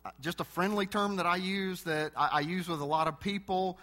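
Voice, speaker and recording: A man's voice: a little high, brisk, sharp tone. A man preaching a sermon, speaking earnestly to his church and telling a personal story.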